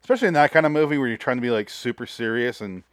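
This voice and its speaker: A man's voice: medium pitch, lively intonation, racing, smooth. A man co-hosting a podcast in casual chat, laughing, riffing and swearing freely. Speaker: podcast co-host.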